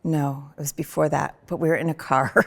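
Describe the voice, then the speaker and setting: A woman chatting on a podcast, telling personal stories in an animated way with sudden loud vocal bursts. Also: low-pitched, moderate pace, gravelly. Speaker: podcast guest, host's wife. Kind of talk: casual personal conversation.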